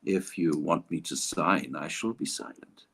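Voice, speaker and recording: Signing autographs on a livestream, an Englishman who voices characters talks in a bass voice, a bit slowly, with crowd noise around him. His casual chat is playful, theatrical, and full of explanation.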